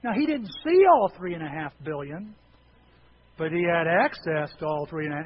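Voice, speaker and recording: A man delivers a humorous sermon in a folksy storytelling way, his voice pitched high for a man. The recording is a little dull, with a faint hiss behind him. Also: lively intonation, moderate pace. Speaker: preacher.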